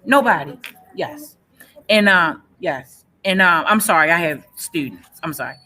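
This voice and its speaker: A woman's voice: fairly low pitch, big pitch swings, measured pace, bright, forceful tone, husky. A woman in her forties speaking earnestly about her own life. She talks emphatically and repeats her key phrases. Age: 40s. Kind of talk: personal testimony in a panel session.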